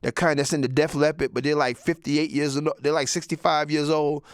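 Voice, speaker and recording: Brief: sixty-something male comic, high voice, foul-mouthed and rambling, dry close sound. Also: brisk, clear, resonant tone, no echo. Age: 60s. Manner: profane, rambling, animated. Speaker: comedian. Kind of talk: stand-up monologue.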